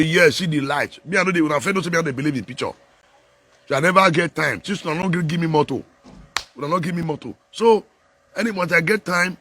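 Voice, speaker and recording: A man with a Nigerian Pidgin accent talks in a loose, unscripted live chat, swinging between laughing asides and churchy exhortation. His voice sits a bit high for a man and comes across bright and forceful. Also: dry recording. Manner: animated, laughing, preachy, mixing Pidgin and English. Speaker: political commentator.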